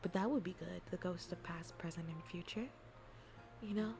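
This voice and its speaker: A woman streamer chatting casually and playfully with her viewers, often dropping into a soft whisper. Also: lowish voice, normal speed, gravelly, over music.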